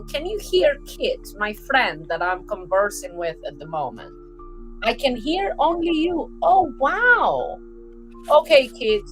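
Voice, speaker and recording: A woman's voice: on the high side, big pitch swings, takes it slowly, faint music behind. A woman hosting a live art stream, chatting casually and rambling cheerfully into a computer microphone.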